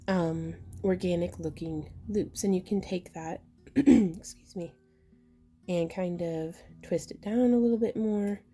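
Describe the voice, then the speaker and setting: A woman with a slightly hoarse voice, chatting casually as she explains a step-by-step craft tutorial while she works. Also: lowish voice, dark tone. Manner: chatty, explains while working, with fillers and throat clearing. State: slightly losing her voice. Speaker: jewelry-making instructor.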